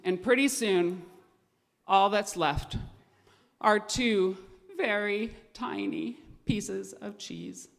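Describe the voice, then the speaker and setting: A woman tells a children's story to a family congregation in an animated voice. Her mid-range voice rings through a large sanctuary with a long reverb. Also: mid-range voice, drawn-out words, gravelly. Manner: lively, animated narration. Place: synagogue sanctuary. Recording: echoey hall with long reverb.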